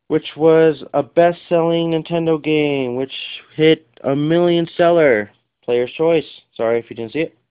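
A man's voice: medium pitch, smooth, dull audio. A man casually showing his video game collection, rambling and apologizing often, with lots of fillers and self-corrections.

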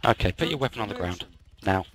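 A man voicing a hostage negotiator in online game role-play, calm, dry and commanding. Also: on the low side, fast, crowd noise.

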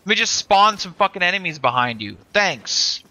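A young man livestreams a shooter and vents nonstop, swearing at enemies and the game. His voice is high and very bright, with pitch that leaps around as he complains. He talks close to his desk mic. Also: sing-song, moderate pace. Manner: frustrated, swearing, ranting. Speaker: game streamer. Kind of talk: live gameplay commentary.

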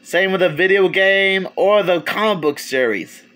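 A man with a notably high voice talks through a movie review in a casual, unscripted way. He stumbles, restarts phrases and chuckles as he goes. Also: a bit bright. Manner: rambling, halting, many restarts, chuckles.

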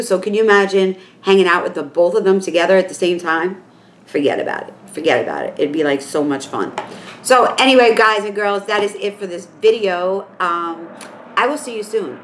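A woman with a New York accent, a makeup vlogger talking casually to her viewers in an excitable, rambling way full of fillers. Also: mid-range voice. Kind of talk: casual chat to camera.

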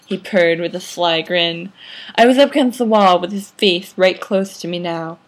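A woman's voice: lowish voice, steady tone, a little slow. A woman reading her own fan fiction aloud with dramatic delivery. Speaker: amateur fan fiction reader.

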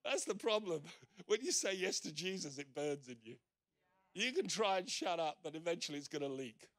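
A man's voice: fairly high pitch, sing-song, normal speed, fairly bright tone. A male pastor preaching emphatically at a church service, acting out the scripture quotes he reads. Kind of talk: sermon.

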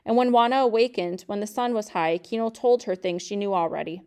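A woman reading a novel aloud in a calm, steady, measured way. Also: medium pitch, clean tone. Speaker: reader of a novel.

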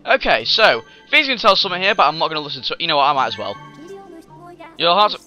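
A man hosting a let's play, commenting in a rambling, excitable way with lots of fillers and sudden outbursts, over faint game music on a dull lo-fi recording. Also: fairly high pitch, quick pace.

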